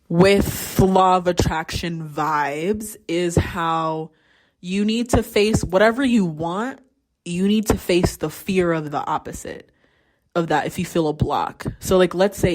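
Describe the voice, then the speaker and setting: A young adult woman hosting a casual mental health check-in, telling stories candidly and swearing freely. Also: fairly low pitch. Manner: candid storytelling, acts out quoted voices. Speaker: podcast host; teacher.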